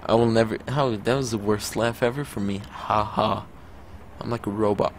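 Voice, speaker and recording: A man's voice: on the low side, fairly even intonation, normal speed, a little hiss or hum. A young man joking his way through a story game in a casual let's-play commentary. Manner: joking, reads game text aloud. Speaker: gamer.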